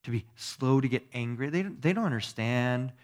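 A male pastor delivers a sermon in an easy, conversational teaching style, with a voice of ordinary middle pitch. He keeps checking in with his listeners through quick tag questions. His delivery moves between hushed asides and sudden emphatic stresses. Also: lively intonation.

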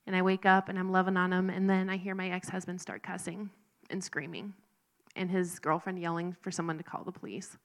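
Gravelly woman giving a heartfelt testimony. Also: fairly low pitch, level tone. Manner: earnest, halting and emotional storytelling. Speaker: speaker sharing a recovery testimony. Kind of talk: personal faith testimony.

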